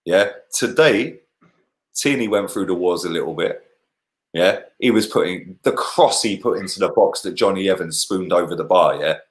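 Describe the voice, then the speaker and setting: A young co-host of a football podcast chats animatedly about the game, full of slang and swearing. His voice is low and his pace normal.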